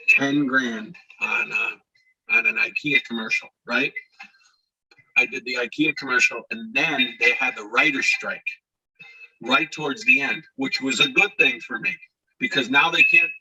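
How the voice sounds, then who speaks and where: A middle-aged man from Scranton, a guest telling animated stories about his days as an actor, acting out the lines of the people in them. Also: mid-range voice, slightly rough. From Scranton, Pennsylvania, USA. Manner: animated storyteller who acts out shouted quotes. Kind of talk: casual interview storytelling. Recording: voice a bit far from the mic.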